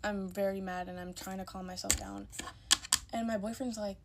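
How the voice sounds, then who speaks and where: A woman's voice: mid-range voice, fairly even intonation, moderate pace, vocal fry, very noisy. A young woman telling a story in a casual, emphatic way, repeating herself when worked up.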